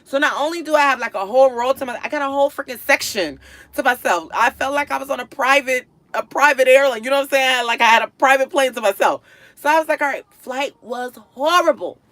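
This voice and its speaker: Talking fast on an echo-free stream, a woman shares a story with her viewers in a casual way. She mutters low one moment and erupts in loud exasperation the next, staying animated throughout.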